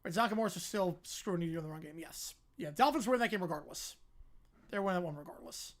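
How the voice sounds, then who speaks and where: A livestream host who talks fast, calling a basketball game play by play while answering chat, and getting louder on big plays. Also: mid-range voice, expressive. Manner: fast-talking.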